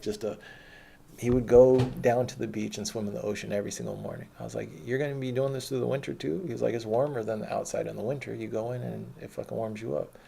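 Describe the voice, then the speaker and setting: Male storyteller, low and dark-toned, casual and profane, meanders and corrects himself mid-sentence. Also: creaky, slight background noise. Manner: rambling, profane, self-correcting.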